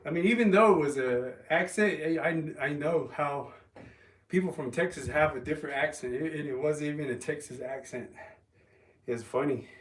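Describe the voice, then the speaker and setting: A man livestreaming from home, talking in a loose, rambling way with lots of ums and restarts. His voice sits a bit high for a man. He is heard in a roomy space, a little away from the mic. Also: normal speed. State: resting an injured calf. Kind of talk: casual livestream chat. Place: home, lifting weights while streaming. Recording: roomy, from a distance.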